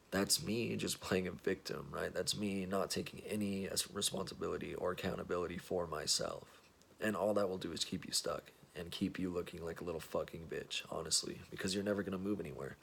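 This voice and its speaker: A man's voice: sits low, gravelly, fairly bright tone, slightly rough. A man in his twenties giving blunt, profane straight talk, rambling with restarts as he speaks. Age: 20s. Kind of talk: casual straight-talk monologue.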